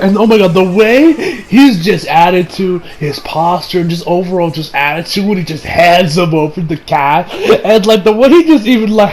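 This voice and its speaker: A male anime reviewer talking through an episode in a loose, rambling way, laughing often and swearing freely. His voice sits fairly high for a man, and he piles on fillers and restarts. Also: darkish tone, a little hiss or hum. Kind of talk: casual episode recap.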